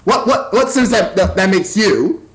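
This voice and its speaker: A man's voice: high-pitched, expressive, unhurried, a little hiss or hum, poor audio. A man ranting casually into his webcam at home, rambling and exasperated as he goes. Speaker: vlogger.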